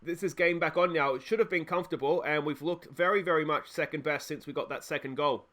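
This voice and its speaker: A young Australian man narrates his football management game live, chatty and quick to get excited. His voice sits a little high, and he breaks off to talk to his players. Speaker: let's play host.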